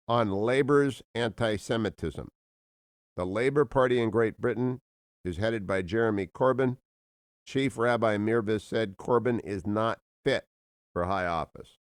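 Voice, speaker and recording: A man hosting a talk radio show from a studio, reading the news in a booming, theatrical way. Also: no room sound. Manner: booming, theatrical, laughs at own jokes. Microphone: studio microphone.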